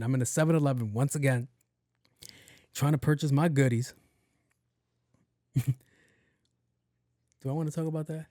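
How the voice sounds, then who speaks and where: In a clean studio recording with no echo, a young podcast host with a warm, medium-pitched voice tells a rambling, profane story. He acts out both sides of the conversation in this casual storytelling monologue.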